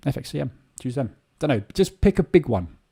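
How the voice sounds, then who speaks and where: Hosting live trading, a man comments on the market casually, rambling and using many filler sounds. His mid-range voice is very animated and brisk, mellow and husky, with vocal fry.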